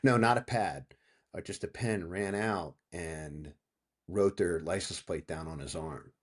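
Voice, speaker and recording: A slightly slow, deep-voiced man in his fifties from Pennsylvania tells a story as a guest author in a casual interview. He's an animated storyteller who acts out what others said and uses profanity freely.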